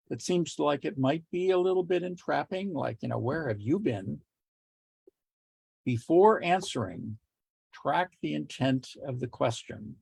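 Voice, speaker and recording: A middle-aged man teaching communication skills in a relaxed lecture, telling jokes with quoted voices and small laughs. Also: medium pitch, gravelly, slightly rough, no room sound. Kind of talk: lecture with joke anecdotes.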